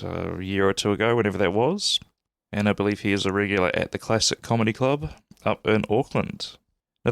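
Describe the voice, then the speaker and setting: A man, stuffy from a cold, hosting a podcast in a relaxed, rambling way. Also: on the low side, no room sound. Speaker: podcast host. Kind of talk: casual solo intro.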